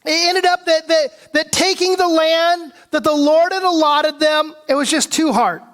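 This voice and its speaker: Man, pastor, high-pitched voice, conversational sermon, checks in with "right?", clears throat now and then. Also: measured pace, a bit bright. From Pacific Northwest. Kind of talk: expository sermon. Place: church sanctuary.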